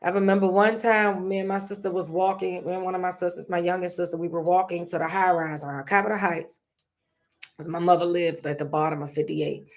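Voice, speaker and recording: A woman's voice: fairly low pitch, steady tone, brisk. A middle-aged woman, hosting her own show and sharing a personal story in an earnest, prayerful way. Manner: earnest, prays aloud, laughs through a funny memory. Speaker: podcast host.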